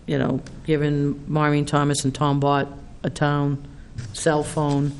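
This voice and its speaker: A man's voice: a little high, monotone, a little slow. A man chairing a town board meeting, speaking hesitantly with many fillers and restarts. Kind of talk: meeting discussion. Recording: faint background noise, public meeting room.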